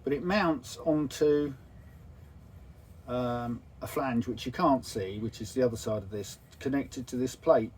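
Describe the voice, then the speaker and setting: A man calmly explaining engine parts in a casual, practical way aboard a narrowboat. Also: medium pitch, a little slow, husky. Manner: matter-of-fact, practical. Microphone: phone camera.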